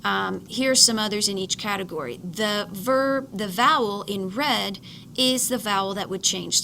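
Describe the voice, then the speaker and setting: Over slight background noise, a woman teaching Spanish speaks at a moderate pace in a mid-range voice that sounds pushed and bright. It's a recorded slide lecture in which she patiently explains, goes back over key points, and demonstrates each word's pronunciation.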